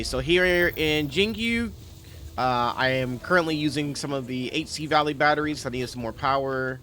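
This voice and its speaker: A man's voice: medium pitch, a bit bright, slight background noise. A man giving casual, rambling commentary over his factory-building game, correcting himself often as he talks. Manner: rambling, self-correcting, chatty. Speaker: game streamer.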